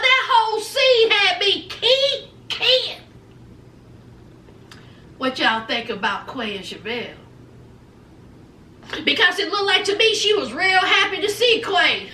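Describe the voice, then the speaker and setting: A woman's voice: very high-pitched, sharp tone, roomy sound, distant mic, slight background noise. A woman giving a casual, chatty recap of a reality show, laughing often and acting out the cast's lines. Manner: chatty, laughing, acts out the cast in quick quoted voices.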